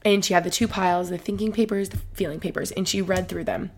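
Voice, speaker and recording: A woman's voice: medium pitch, steady tone, fast. A woman in her twenties hosting a casual solo podcast, rambling and emotional, with lots of "like". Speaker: podcast host.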